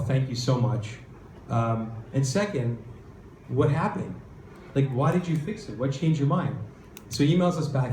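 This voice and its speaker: A man giving a conference talk, telling an animated startup story and acting out the quoted voices. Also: mid-range voice, a little hiss or hum. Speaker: venture capitalist speaker. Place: event hall. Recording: roomy hall with faint ambience.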